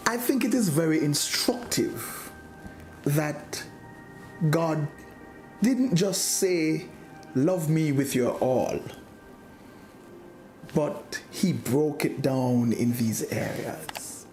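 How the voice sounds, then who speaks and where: A man preaching a sermon as a bishop, slow and deliberate, rising to emphatic points. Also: a little high, expressive, darkish tone, soft background music. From Jamaica.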